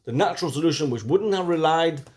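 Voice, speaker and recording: Quick-paced and fairly high-voiced, a man delivers an animated weekly Torah lesson. He asks rhetorical questions and swings his volume from loud down to hushed.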